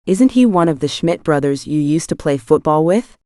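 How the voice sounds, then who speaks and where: A woman's voice: low voice, lively intonation, normal speed, mellow, no echo, studio quality. A woman voicing Saul, a tense adult male traveler, in an audiobook, speaking in an earnest, urgent way.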